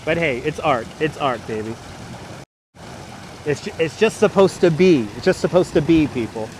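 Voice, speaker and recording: Male livestream host, high voice, playful and jokey, walking outdoors on a wireless lapel mic with faint traffic noise. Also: animated, normal speed, a little mellow. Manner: jokey, breaks into playful singing, reads out viewer names. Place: outdoors on an elevated city park walkway. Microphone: wireless clip-on mic, phone on gimbal.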